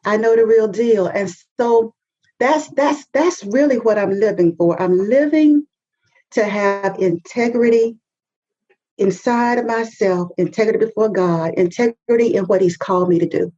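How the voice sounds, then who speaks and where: A woman's voice: medium pitch, a little slow, dark tone, muffled recording. A woman, a guest on an interview show, speaking with fervent, emphatic conviction and repeating phrases for effect. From North Carolina, US. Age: 50s. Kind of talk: podcast interview.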